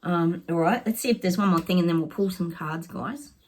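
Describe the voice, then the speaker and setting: A woman with a lowish, husky voice chats to her viewers as a psychic, reading oracle cards. She sounds excitable and conversational and keeps calling her audience "guys". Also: brisk. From Australia. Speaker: psychic vlogger. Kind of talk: casual oracle card reading to camera.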